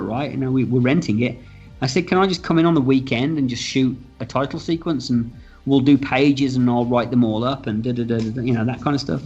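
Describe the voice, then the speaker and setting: Male film director, mid-pitched, chatty anecdotal interview, a bit dull-sounding audio with faint music behind. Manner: animated, acts out quotes in raised pitch, swears freely. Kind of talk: casual interview storytelling.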